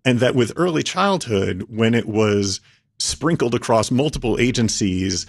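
A man answering interview questions, laying out his points in a measured, methodical way. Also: mid-range voice, expressive, creaky. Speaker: policy expert guest.

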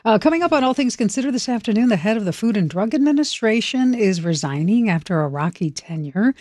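A woman radio news presenter giving a casual, brisk preview of the afternoon's stories. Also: a little high, animated, a little mellow, no room sound, clean studio sound.

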